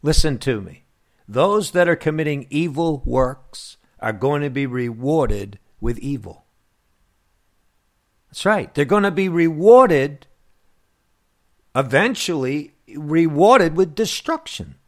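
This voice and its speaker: Slow, deliberate male preacher. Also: on the high side, lively intonation. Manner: slow, emphatic preaching with long pauses. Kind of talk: radio sermon.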